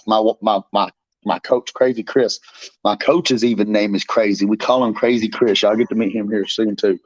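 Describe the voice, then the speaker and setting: A man's voice: lowish voice, fairly even intonation, moderate pace, no room sound. A man who is a bare knuckle fighter, guesting on a show and trash-talking his opponent in a boastful, profane, fired-up way. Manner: boastful, fired up, swears constantly. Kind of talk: brash profane trash talk. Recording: slightly dull dry recording.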